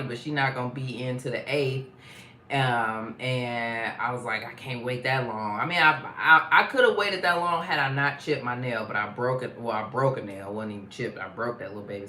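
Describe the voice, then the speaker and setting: A woman's voice: extremely low pitch, sharp tone. A woman hosting a casual live stream, chatting in a slangy, easygoing way and sometimes singing greetings to her viewers. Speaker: live-stream host reading viewer comments. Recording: roomy echo with faint noise.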